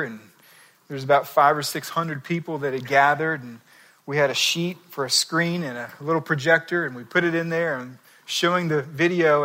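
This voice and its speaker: A man's voice: fairly high pitch, a bit bright. A man preaching a sermon, telling a story and reading scripture in a conversational, emphatic way. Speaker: pastor.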